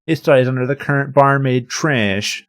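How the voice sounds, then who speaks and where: A man's voice: mid-range voice, moderate pace, a bit bright, pitched above the performer's own voice, lightly acted. A man voicing a cheery, boastful male rabbit who runs a bar, in his fifties, chatty and gossipy in a raised put-on voice. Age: 50s. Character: cheery loud rabbit bar owner, middle-aged male.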